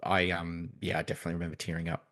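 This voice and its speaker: Low-voiced man rambling through a chat. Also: completely flat delivery, rapid-fire, a bit bright. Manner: hesitant, many restarts and fillers. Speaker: podcast co-host. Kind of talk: casual chat.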